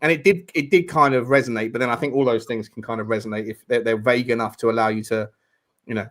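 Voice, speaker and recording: A man's voice: medium pitch, quick pace. A man streaming live, telling rambling stories in casual banter and swearing freely. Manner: swears freely, tells stories with lively quoted voices.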